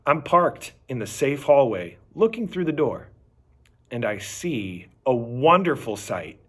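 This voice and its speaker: A man reading a children's chapter book aloud with animated, expressive storytelling. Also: medium pitch, a little slow. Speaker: reader.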